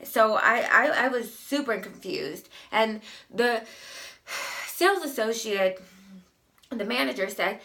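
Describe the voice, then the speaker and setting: A woman's voice: on the high side, lively intonation, slow pace, gravelly, bright, forceful tone. A young adult woman telling customer service stories in a casual vlog, emphatic and exasperated. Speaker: vlogger.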